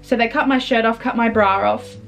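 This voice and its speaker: A young woman, telling a personal story in an earnest, halting way, with restarts. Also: on the high side, steady tone, creaky, a bit bright, faint music behind.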